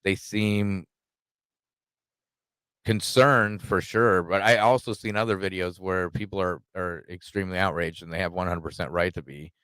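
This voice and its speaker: A man's voice: deep voice, steady tone, normal speed, fairly bright tone, clean tone, no room sound. A man hosting a casual podcast, loose and searching for his words. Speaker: podcast host.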